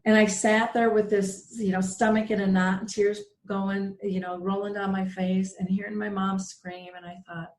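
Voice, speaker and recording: A woman's voice: medium pitch, normal speed, few pauses, roomy sound. A middle-aged woman hosting a radio show, telling a heartfelt personal story and acting out the voices of the people in it. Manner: earnest, emotional storyteller with lively quoted voices.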